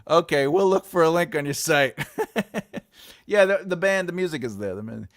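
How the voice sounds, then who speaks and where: Animated and on the high side, this livestream host speaks at a moderate pace. The middle-aged man keeps things casual and playful, laughing frequently and now and then launching into mock-epic declarations.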